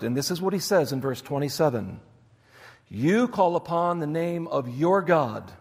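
A man's voice: on the high side, husky, in a large hall. A man preaching a sermon, reading scripture aloud and stressing its key points. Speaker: pastor.

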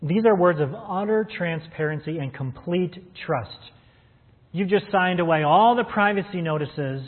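A man's voice: high-pitched, unhurried. A man preaching a sermon as a pastor, earnest and calling his listeners friends. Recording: phone-like sound in a reverberant hall.

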